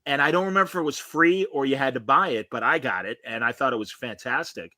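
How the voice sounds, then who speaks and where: A man's voice: medium pitch, quick pace, sharp tone, no echo. A man hosting a podcast, chatting in a casual, opinionated and rambling way over a video call, full of fillers. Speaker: podcast host. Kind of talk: casual review chat.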